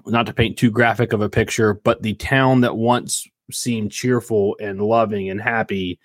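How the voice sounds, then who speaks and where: A man's voice: fairly low pitch, fairly even intonation, normal speed, no echo. A man narrating as game master of a tabletop game, casual and rambling. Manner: casual, rambling, laughs often.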